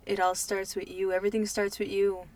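A woman co-hosting a podcast, talking in a soft, emotional way, repeating words as she gives advice to her younger self. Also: mid-range voice, little pitch movement, fairly quick. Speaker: podcast co-host. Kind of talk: heartfelt podcast chat.

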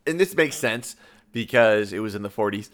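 Lively laughing man chatting casually. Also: on the low side, moderate pace. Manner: animated, laughs often, swears casually. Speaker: podcast co-host. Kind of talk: casual chat.

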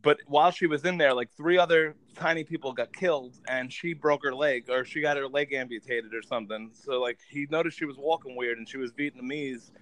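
A man's voice: mid-range voice, a little fast, few pauses, fairly bright tone, low-quality recording. A man in casual chat, retelling a movie plot in a rambling way, swearing often and using lots of filler words.

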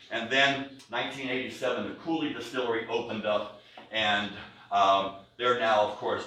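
A man's voice: mid-range voice, a bit bright, distant mic. A man presenting a whiskey tasting to a live audience, chatty and jokey, with many fillers. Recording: echoey room, recorded from afar.

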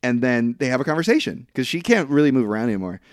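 This fast-talking podcast co-host has a mid-range voice with big pitch swings, captured cleanly in studio with no room sound. He rambles through a film recap full of fillers and frequent laughter, quoting the characters along the way.

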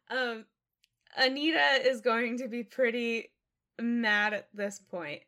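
A woman's voice: fairly high pitch, slow, sharp tone. A woman playing a tabletop game, narrating what her character does, often giggling. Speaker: player. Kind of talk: casual tabletop play.

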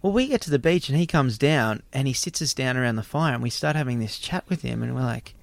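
A man's voice: mid-range voice, expressive, fast, gravelly, dry recording. A young man hosting a podcast, telling a travel story in a rambling way and often repeating words. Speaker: podcast host. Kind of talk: casual storytelling chat.

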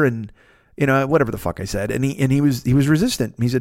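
A man hosting a podcast alone, rambling and swearing as he talks excitedly with lots of restarts. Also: mid-range voice, fast talker, no echo, studio quality. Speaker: podcast host. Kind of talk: casual solo podcast monologue.

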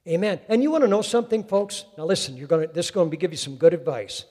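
A male preacher with a notably high voice delivers a fervent sermon, calling out to his congregation. His words ring out with a long reverb trailing behind them in a hall. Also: fast, darkish tone.

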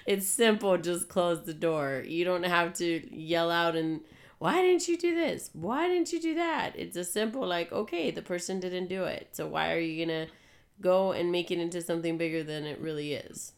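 A woman's voice: lowish voice, steady tone, moderate pace. A woman talking casually about relationships with her husband, emphatic and exasperated. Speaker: co-host, the man's wife.

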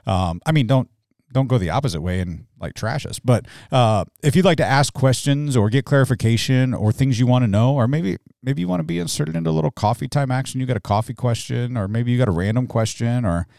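A man's voice: mid-range voice, fairly quick, creaky, a little mellow, dry recording, studio quality. A man from Alabama co-hosting a church podcast, chatting casually and joking, with many fillers and restarts. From Mobile, Alabama. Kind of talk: casual chat.

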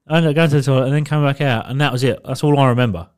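A man's voice: mid-range voice, very fast, darkish tone, smooth. A man co-hosting a podcast, telling a rambling, sweary story and laughing through it. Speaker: podcast co-host. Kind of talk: casual storytelling chat.

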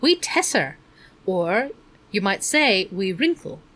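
A woman reading aloud, voicing an ancient, creaky-voiced woman who explains things earnestly and fondly. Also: medium pitch, lively intonation, normal speed, a bit bright, close to an everyday voice. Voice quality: creaky, like an unoiled hinge.

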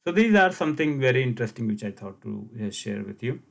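A man hosting a language podcast, explaining grammar point by point with many pauses and small restarts. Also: mid-range voice, sing-song, vocal fry. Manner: explains slowly with frequent fillers and restarts. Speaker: podcast host teaching languages. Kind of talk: casual language lesson podcast.

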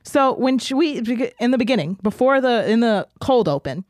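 A woman's voice: on the high side, very animated, moderate pace, darkish tone, no echo, clean studio sound. A woman co-hosting a podcast, recapping a TV episode in casual chat with crude, profane jokes. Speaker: podcast co-host.

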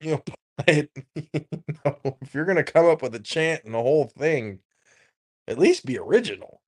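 A man's voice: a little high, lively intonation, moderate pace, darkish tone. A man co-hosting a podcast, chatting casually about football in an emphatic, profane way and laughing often. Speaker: podcast co-host. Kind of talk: casual sports chat.

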